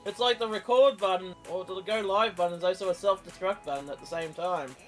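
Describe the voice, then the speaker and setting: A man's voice: sits high, a little fast, faint music behind. A man with an Australian accent, chatting playfully as a guest and laughing often. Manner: giggly, playful, teasing. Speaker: guest on a stream. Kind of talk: casual chat.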